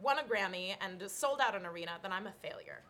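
A woman guest telling a lively story in a casual interview, laughing often as she goes. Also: mid-range voice, fast talker, a little hiss or hum. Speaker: guest, singer and stage actor.

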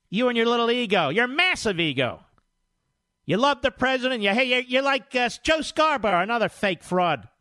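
A talk radio host, a man, delivers indignant, scornful commentary. His voice sits very high, with a sharp, bright edge and lively swings of pitch. He speaks in quick, combative bursts. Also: no room sound, studio quality. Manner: indignant, scornful, rapid-fire.

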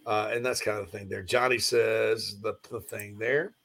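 A man hosting a casual live-stream sports talk show, rambling and animated while reading viewer comments, yawning and distracted. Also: lowish voice, normal speed, gravelly, slight background noise.

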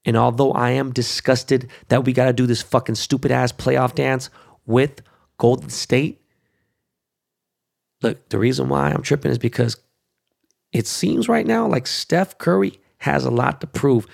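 Swearing heavily and leaning on filler words, a middle-aged man vlogs in a loose, wandering monologue with an emphatic delivery. He has a creaky, mid-range voice.

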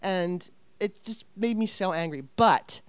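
A woman's voice: mid-range voice, measured pace, clear, resonant tone, no room sound. A woman in her fifties telling a story casually, rambling and swearing with exasperation.

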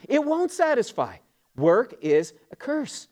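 Middle-aged guy preaching in church, pretty high voice, earnest and emphatic, throws in corny jokes. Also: expressive, normal speed. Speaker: pastor. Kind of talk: sermon. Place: church sanctuary.

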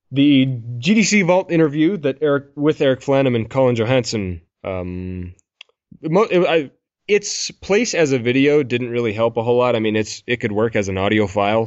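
A man's voice: mid-range voice, darkish tone. A man hosting a gaming podcast in casual, rambling, self-deprecating chat, laughing often. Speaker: podcast host. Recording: dull lo-fi podcast audio.

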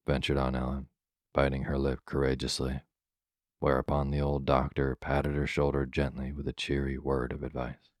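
Very deep, calm bedtime storyteller man. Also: no room sound, studio quality. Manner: slow, soothing, measured.

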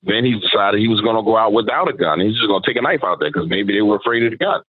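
Deep-voiced man telling a story. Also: racing, breathy edge, no room sound. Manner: conversational, quotes people in his story. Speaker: podcast guest, paranormal storyteller. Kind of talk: casual storytelling. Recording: thin phone-like sound.

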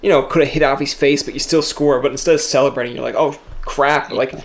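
A young man hosts a casual interview. He talks in a chatty, lively way and slips into playful quoted voices as he tells stories. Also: medium pitch, racing. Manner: chatty, animated storyteller, acts out quoted voices. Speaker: podcast host.

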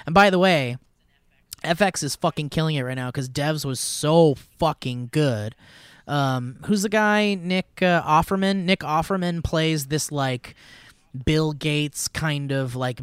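Upbeat, foul-mouthed podcast host on a video call; smooth, close, dry voice. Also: male voice, fairly high pitch, a little slow, dry recording. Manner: enthusiastic, swears freely. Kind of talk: casual chat.

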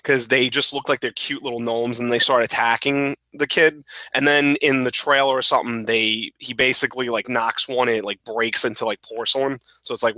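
Bright, dry-voiced man joking on a podcast. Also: mid-range voice, brisk, hardly any pauses, no echo. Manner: laughing, profane, animated. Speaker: podcast co-host. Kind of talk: casual banter.

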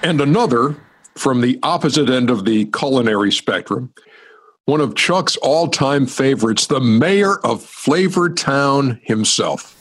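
A man's voice: mid-range voice, expressive, a little slow, a bit bright, slightly rough. A man hosting, narrating scripted links with a wry touch. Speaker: host.

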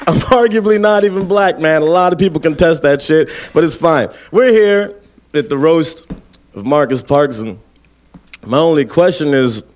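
A man performing a live stand-up roast set, brash and trash-talking, deliberately bombing while slowly reading out a list with mock seriousness. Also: fairly high pitch, animated, a little hiss or hum. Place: stage before a live audience.

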